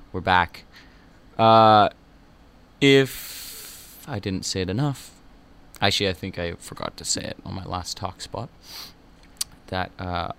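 Young guy on college radio, kinda low and gravelly, rambly and joking. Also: fairly bright tone. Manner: rambling, self-mocking, chatty. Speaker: radio host. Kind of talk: casual radio talk.

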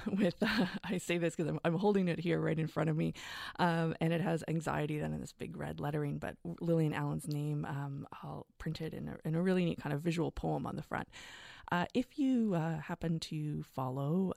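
A middle-aged woman hosting a radio show, talking in a relaxed, conversational way with frequent hesitations. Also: low voice, gravelly, no echo, studio quality. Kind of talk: casual radio presenting.

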